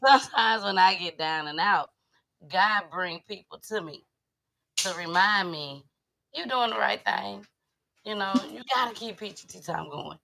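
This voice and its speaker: A woman hosts a live show, chatting casually and greeting her viewers as she tells a story. Her voice is fairly low with a gravelly fry, yet bright and forward. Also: normal speed. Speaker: host of a live online show. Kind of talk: casual livestream chat.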